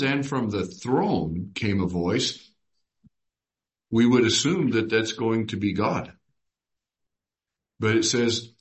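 A man leading a Bible study, reading verses aloud and putting questions to his group. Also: on the low side. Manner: unhurried, reads scripture aloud and asks the group questions.

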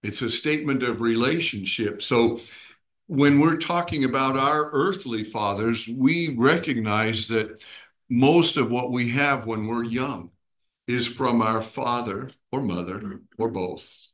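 A man's voice: mid-range voice, slow, a bit bright. A man teaching a small group Bible study, explaining patiently and often checking in with his listeners.

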